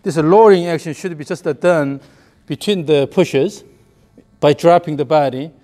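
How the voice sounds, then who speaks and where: A man's voice: a little high, normal speed, mellow. A man giving a hands-on golf lesson, explaining the swing and calling out short repeated cues in rhythm. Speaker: golf coach.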